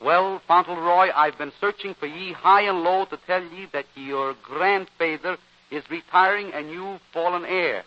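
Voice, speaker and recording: An actor playing a formal, pompous Scottish butler with a put-on Scottish accent, in 1940s radio comedy. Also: male voice, high-pitched, measured pace, no echo. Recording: dull old radio recording.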